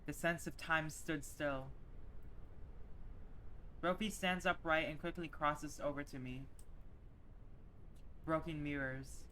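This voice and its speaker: A young woman streamer reading a visual novel aloud, narrating softly and slowly, with emotional asides to chat. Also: sits low, fairly even intonation, a little hiss or hum. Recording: music playing underneath.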